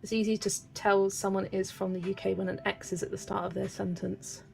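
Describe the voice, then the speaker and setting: A chatty young woman from Wiltshire with a faint West Country lilt, talking casually while she colours and laughing often. Her voice has a slightly gravelly edge, and soft music plays faintly behind her. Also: medium pitch, level tone, brisk. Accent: West Country English, light. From Wiltshire, England. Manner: chatty, laughs often, reads chat aloud. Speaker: colouring channel host.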